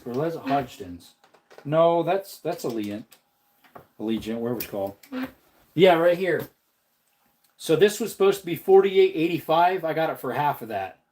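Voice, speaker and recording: A man hosting a casual livestream, rambling in chatty talk and reading out viewer comments. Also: a little mellow. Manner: jokey, slips into a silly high voice. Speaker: livestream host.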